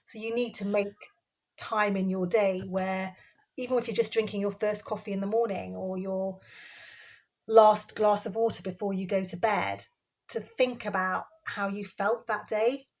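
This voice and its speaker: A woman answers questions as a podcast guest, her voice in a middle pitch. She speaks earnestly, circling back and repeating her phrases to stress a point. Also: fairly even intonation, a little slow. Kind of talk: casual conversational interview.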